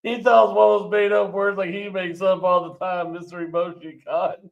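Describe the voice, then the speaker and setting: A man's voice: high voice, little pitch movement, a little fast, gravelly. Teasing man, lo-fi audio. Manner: teasing, laughs often. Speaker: co-host of live stream. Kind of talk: casual live-stream banter.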